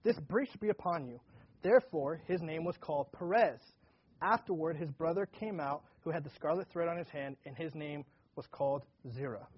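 A man gives a relaxed Bible teaching, talking to his listeners like friends and acting out the story's dialogue with energy. His voice sits a little high and has a husky edge. The recording sounds dull and lo-fi. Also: normal speed. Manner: conversational, acts out dialogue animatedly. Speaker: pastor.

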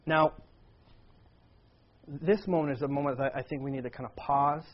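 A man's voice: fairly high pitch, steady tone, normal speed, breathy edge. A man preaching a sermon, earnestly reading scripture and acting out quoted lines with a raised voice. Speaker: pastor. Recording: dull lo-fi sound.

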